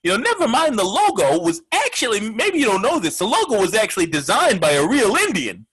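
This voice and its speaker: A man's voice: high-pitched, huge pitch swings, fairly quick, fairly bright tone, husky, rough recording. A man hosting a comedic sports radio talk show, brash and profane, rambling with lots of filler words.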